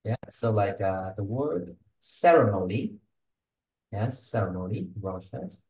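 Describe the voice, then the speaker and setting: Slow and animated, a male tutor with a mellow, dark voice on the low side gives a student one-on-one English pronunciation feedback. He models each word and checks understanding with "yeah?" and "okay?", heard in an echoey room.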